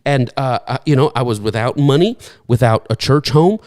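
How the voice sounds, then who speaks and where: A man's voice: medium pitch, expressive, moderate pace, darkish tone. A man preaching a sermon, telling stories with fillers and restarts and acting out the voices of people he quotes. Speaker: pastor.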